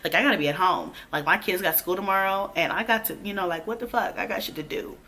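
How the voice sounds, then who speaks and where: A pregnant young woman, telling a storytime vlog in a blunt, profane, animated way. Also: medium pitch, fast talker. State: heavily pregnant. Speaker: vlogger.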